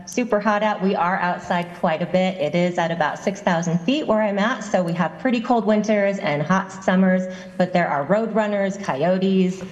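A woman's voice: mid-range voice, moderate pace, hardly any pauses, reverberant, highs cut off, slight background noise. A woman from New Mexico calling into a radio quiz show, chatting in a friendly, easygoing way. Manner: friendly, easygoing, laughs along. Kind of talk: casual chat with a host.

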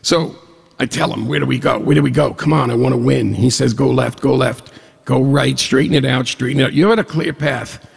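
A man telling a humorous personal story to an audience, animated, jumping up in pitch when he quotes dialogue. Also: fairly quick, creaky, breathy edge. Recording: long hall reverb.

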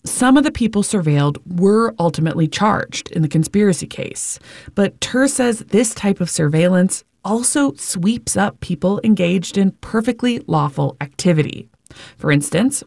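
A woman reporting as a news correspondent, reading a scripted report in a measured, even way. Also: lowish voice, gravelly, dry recording, studio quality.

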